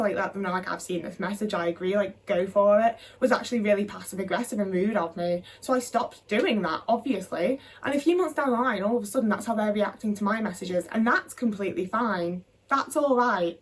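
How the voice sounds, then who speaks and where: A woman's voice: medium pitch, far from the mic. A young woman talking to camera in a candid, frustrated monologue, swearing freely. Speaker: vlogger.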